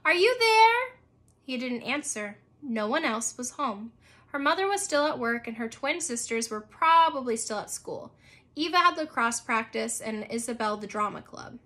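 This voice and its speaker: Brief: high, bright-voiced woman narrator for a kids' book read-aloud, cheerful. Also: moderate pace. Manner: cheerful and expressive. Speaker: storyteller.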